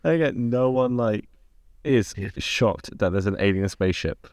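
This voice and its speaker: A man co-hosting a podcast, chiming in with short agreements and quick asides in casual chat. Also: mid-range voice, animated, darkish tone, dry recording, studio quality. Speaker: podcast co-host.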